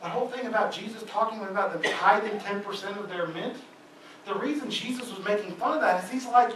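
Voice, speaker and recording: A man preaching in a high, bright, forceful voice, animated and conversational. He is caught from far off in a church hall with a strong echo, and a faint hum sits underneath. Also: a little fast. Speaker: guest preacher. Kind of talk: sermon. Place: church sanctuary.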